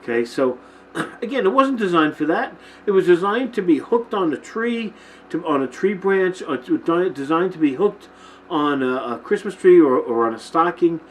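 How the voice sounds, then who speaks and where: A man with a slightly high voice and lively intonation speaks at normal speed, filming himself on a camera mic in a rough recording with slight background noise. He hosts a Christian teaching show, giving an informal Bible-themed talk to camera and often checking in with listeners.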